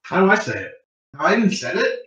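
A man's voice: sits high, sing-song, quick pace, bright, forceful tone. A man chatting casually as a podcast co-host, making dry teasing remarks. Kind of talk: casual chat. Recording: distant, roomy, dull mic sound.

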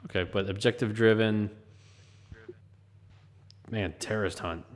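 A man's voice: fairly low pitch, fairly even intonation, measured pace, a little hiss or hum. A man hosting a casual gaming chat, joking, laughing and retelling funny stories while he plays. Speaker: gaming channel host.

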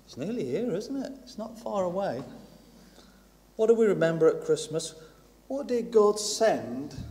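A man preaching a sermon in a conversational, animated way, acting out the lines of Bible characters as he goes. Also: on the high side, a little hiss or hum. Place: church hall. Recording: long hall reverb.

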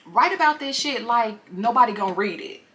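A woman's voice: a little high, lively intonation, brisk, bright, forceful tone. A woman voicing a blunt female newspaper boss who scolds a writer in profane slang. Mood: scolding. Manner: brash, cursing, preachy.

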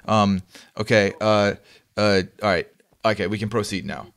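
A man's voice: on the low side, fairly even intonation, normal speed, gravelly, a bit bright. A man hosting a game stream, chatting casually and getting flustered, often repeating himself. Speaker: streamer and host. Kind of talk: casual gaming chat.

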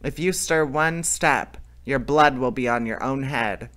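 A man's voice: mid-range voice, normal speed, sharp tone. A man reading a storybook aloud, voicing a fierce, proud male bandit who barks commands. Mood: commanding.

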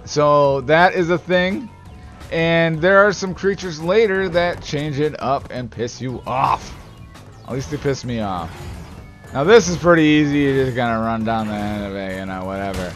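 Speaking at an ordinary speed in a mid-range voice, a man riffs casually on the game he's playing. Game music runs underneath as he clowns around, swears, and erupts in playful mock fury, typical of a let's play video.

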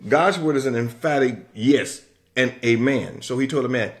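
A man preaching a sermon with an emphatic, repetitive cadence and drawn-out declarations. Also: mid-range voice.

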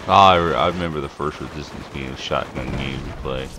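A man's voice: a bass voice, brisk, few pauses, noisy background. A man giving casual live commentary on a shooting game he is playing, swearing and trash-talking at other players and laughing, a little groggy from just waking up. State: just woken up, throat a bit choked. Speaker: gameplay commentator. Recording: loud gunfire from the game.

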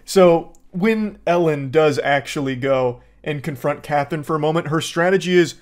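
A man's voice: on the high side, moderate pace, few pauses. A man hosting a movie review, talking sarcastically and rambling with many fillers. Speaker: host.

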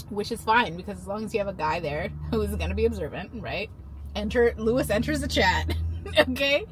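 A woman in her thirties, a mother, talks to her phone camera while driving and out and about, rambling playfully through her stories in a casual vlog. She speaks fairly quickly in an expressive, mid-range voice.

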